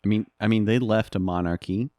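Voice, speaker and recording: Deep-toned man telling podcast anecdotes. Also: brisk, a little mellow, no echo, studio quality. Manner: storytelling, laughs at his own anecdotes. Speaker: podcast co-host. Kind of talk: casual history podcast chat.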